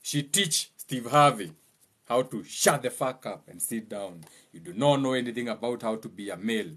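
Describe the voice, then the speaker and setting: A young Kenyan man giving a mocking, joking monologue, laughing at his own lines and slipping into high mimicking voices. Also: lively intonation, normal speed, fairly bright tone. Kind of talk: humorous monologue.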